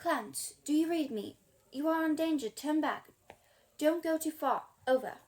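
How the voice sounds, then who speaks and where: A woman's voice: high-pitched, measured pace, a little mellow, voice pushed up. A woman reading aloud, voicing a plucky young female detective with a raised, pleading voice. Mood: urgent. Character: plucky girl detective, urgent and brave.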